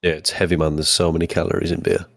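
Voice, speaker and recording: A man's voice: sits low, little pitch movement, fast talker. A young man co-hosting a podcast, laid-back and swearing in casual chat. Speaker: podcast co-host.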